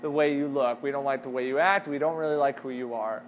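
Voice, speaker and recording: A man voicing a flock of mean young ducklings who mock an outsider in a low, hushed tone. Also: fairly even intonation, fast, muffled recording, slight background noise, natural voice.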